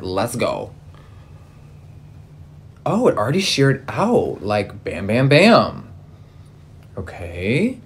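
A man in his thirties reviewing makeup in a casual vlog, campy, sassy and freely swearing. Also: medium pitch. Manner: campy, sassy and profane, lively exclamations.

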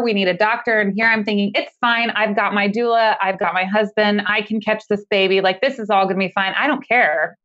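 A woman telling a personal story as a podcast guest, in a casual, animated way, laughing often as she talks. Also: mid-range voice, normal speed, highs cut off.

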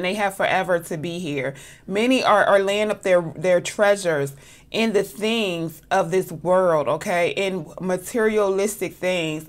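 A woman co-hosting a religious talk show who preaches, quotes scripture and keeps checking in with "okay?". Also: on the low side. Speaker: co-host. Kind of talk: sermon-like talk.

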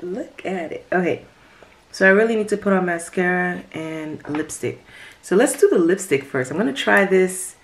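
A woman talking casually through a makeup tutorial in a chatty vlog, sometimes dropping to a whisper. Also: fairly low pitch. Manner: chatty, drops to whispers at times. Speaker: beauty vlogger.

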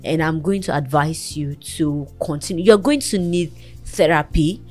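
A woman's voice: low voice, normal speed, a little mellow, soft background music. A woman hosting a talk show, earnestly counselling and encouraging a guest in a motherly, preaching way.

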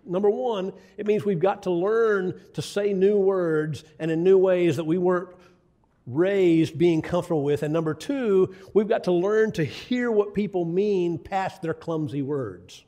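A man's voice: high-pitched, measured pace, warm tone. An older man preaching a sermon, telling folksy stories with asides to the congregation. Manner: folksy storytelling with asides to the audience.

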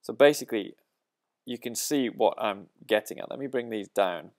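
A man's voice: fairly low pitch, moderate pace. A man teaching a drum lesson, explaining a pattern step by step and counting the beats aloud.

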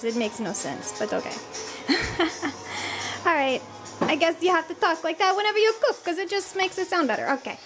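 A woman's voice: extremely high pitch, expressive, normal speed, fairly bright tone, faint music behind. A young woman filming her family at home, chatting, laughing often and cheering her kids on, in a casual vlog on a handheld camera. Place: at home, indoors and outside. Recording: noisy home video.

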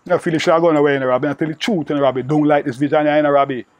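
A man's voice: fairly high pitch, steady tone, racing, dry recording. Older Jamaican man, patois storyteller. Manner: repetitive, peppered with "you know". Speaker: interviewee recalling old friend. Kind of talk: rambling oral storytelling.

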